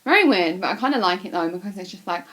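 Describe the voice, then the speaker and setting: A woman's voice: on the low side, expressive, quick pace, fairly bright tone. A young woman, chatting to camera in a rambling, casual way with lots of fillers, a bit sick with a cold. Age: young adult. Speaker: vlogger.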